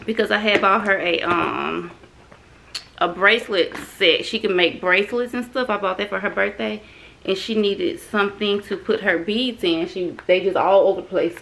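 A woman's voice: mid-range voice, moderate pace, creaky, fairly bright tone, slight background noise, low-quality recording. Chatty woman vlogging. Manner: chatty, drawling Southern slang, frustrated sighs. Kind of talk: casual vlog chat. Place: home and craft store.

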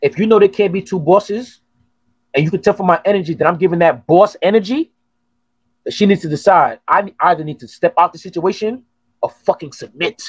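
A man hosting a podcast, telling stories in an animated, profane, casual way. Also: high voice, fairly quick, slightly rough, dry recording. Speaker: podcast host. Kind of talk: casual chat.

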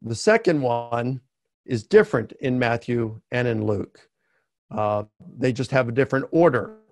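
A man giving an academic lecture in a webinar, explaining slowly and deliberately and stressing key words with sharp rises. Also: medium pitch, no room sound, clean studio sound.

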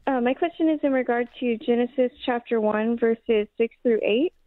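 A woman's voice: a little high, normal speed, dry recording. A woman calling into a radio show, politely and a little hesitantly asking her question. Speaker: caller. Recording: tinny phone line.

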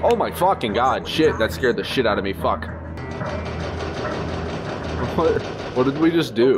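A man giving gameplay commentary, swearing a lot and reacting in jumpy, excitable outbursts. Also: medium pitch, fairly quick. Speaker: gaming streamer. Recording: game music behind voice.

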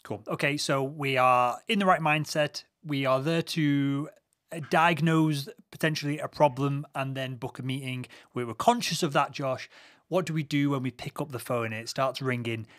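Male podcast host, easygoing, casual; mid-pitched voice, dry close sound. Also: fairly bright tone, no room sound. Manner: easygoing, quick affirmations. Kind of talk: casual interview chat. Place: podcast interview recording.

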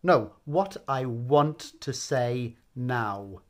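A man's voice: mid-range voice, lively intonation, very slow. A man hosting a casual language lesson, upbeat and encouraging, with frequent ums. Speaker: language teacher and host.

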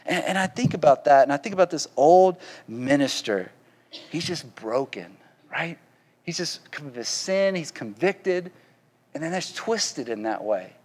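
A man's voice: fairly high pitch, lively intonation, measured pace, a little mellow, long reverb tail. A man with a Southern accent preaching a sermon in a folksy, conversational way, often asking the congregation questions. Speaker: pastor.

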